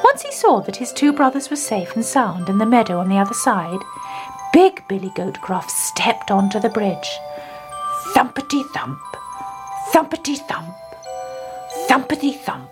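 A woman narrating a children's fairy tale in an expressive, sing-song reading voice. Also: medium pitch, moderate pace, over music. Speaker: storyteller. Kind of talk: scripted children's story narration.

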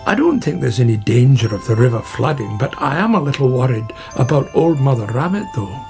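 A man voicing a gruff, grumbling male badger in a storybook reading. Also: mid-range voice, very animated, fairly quick, a little mellow, faint music behind. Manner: grumbling, matter-of-fact.

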